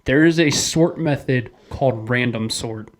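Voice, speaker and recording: A man's voice: medium pitch, unhurried. A young man co-hosting a podcast, talking casually, swearing freely and laughing as he explains things. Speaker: podcast co-host. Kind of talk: casual chat.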